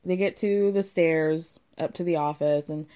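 A young woman recapping a reality show in a casual, animated way, swearing freely and laughing often. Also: low-pitched, measured pace.

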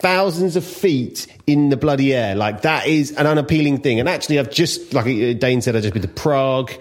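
A man with a very lively, swinging voice asks questions in a casual chat. He is jokey and informal and swears freely. He talks like a host egging a guest on. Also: mid-range voice, brisk.

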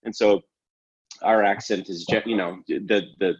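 Deep husky man, chatty host. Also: steady tone, measured pace, muffled recording. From Canada. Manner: rambling, self-correcting, laughs often. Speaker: podcast host. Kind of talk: casual chat.

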